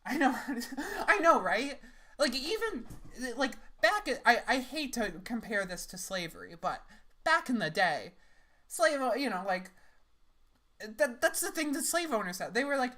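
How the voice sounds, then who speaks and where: A woman's voice: sits high, big pitch swings, unhurried, fairly bright tone. A young woman making sarcastic, laughing, rambling comments as she reacts to clips.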